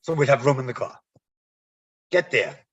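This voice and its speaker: Guest spot: husky male storyteller, animated, dull lo-fi line. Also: mid-range voice, moderate pace. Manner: animated storyteller, acts out quoted dialogue. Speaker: guest, former umpire. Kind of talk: storytelling in a podcast interview.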